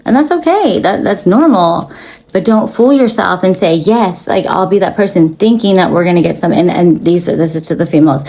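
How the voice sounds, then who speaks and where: A woman's voice: lowish voice, animated, moderate pace, dark tone, poor audio. A young woman giving blunt, profane spiritual advice to her viewers, talking casually with lots of fillers. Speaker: spiritual reader.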